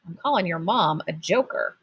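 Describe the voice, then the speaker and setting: A woman's voice: lowish voice, expressive, normal speed, vocal fry, husky, muffled recording, voice pushed down, full character voice. A woman voicing a cocky young schoolboy who teases in a casual, slangy way. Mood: teasing.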